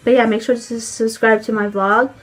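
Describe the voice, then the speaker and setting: A woman's voice: fairly high pitch, flat delivery, brisk. A young woman and new mother talking casually to camera at home while feeding her baby, chatty and full of filler words.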